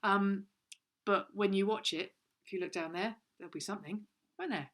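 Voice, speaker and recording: A woman's voice: mid-range voice, normal speed, a bit bright. A woman co-hosting a home lesson, telling a rambling, mock-serious comic story in a playful way. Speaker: co-host of a comedy kids' lesson.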